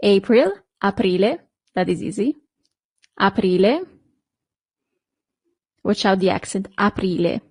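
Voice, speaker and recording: A woman teaching to beginners, speaking slowly and patiently and repeating each word twice. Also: mid-range voice, animated, darkish tone, husky, no echo, clean studio sound. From Italy. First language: Italian. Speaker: Italian teacher. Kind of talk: language lesson.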